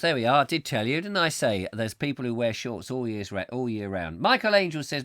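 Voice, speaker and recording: A man's voice: mid-range voice, animated, moderate pace, hardly any pauses, a bit bright, no room sound, clean studio sound. A man hosting a live casual chat show, rambling and chatty, getting easily exasperated. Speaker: host. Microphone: close microphone.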